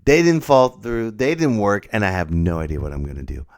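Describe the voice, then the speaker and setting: A man's voice: fairly low pitch, fairly quick. A man, a stand-up comedian, hosting his own podcast in a playful, rambling, self-mocking way into a new microphone that pops on p sounds. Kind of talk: casual solo podcast monologue. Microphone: new podcast microphone with popping p sounds.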